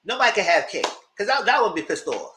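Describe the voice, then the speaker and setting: A man's voice: high-pitched, sing-song, quick pace, pushed and bright, slight background noise. A man giving a casual live review of a reality TV show, retelling scenes with exasperation and cursing.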